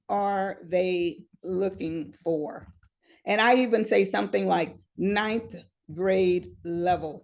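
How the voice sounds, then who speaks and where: A woman's voice: medium pitch, a little mellow. A woman presenting a live webinar, teaching in a chatty, upbeat way and talking straight to her audience. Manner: chatty and upbeat, talks straight to the audience with "y'all" and "you guys".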